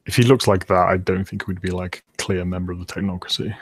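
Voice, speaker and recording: A man's voice: sits low, flat delivery, quick pace, slightly rough. A man playing a tabletop role-playing game, asking blunt questions in casual chat. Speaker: player.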